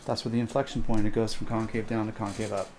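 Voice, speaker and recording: A man's voice: lowish voice, little pitch movement, quick pace, background noise. A man teaching calculus in a recorded homework walkthrough, thinking aloud as he sketches graphs and corrects himself. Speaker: math teacher.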